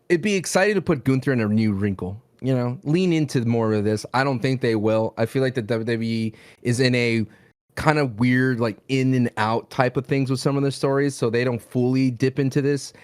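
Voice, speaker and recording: A man co-hosting a casual podcast chat, playful and animated, breaking into high shouts. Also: brisk, dry recording, clean studio sound. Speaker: podcast co-host.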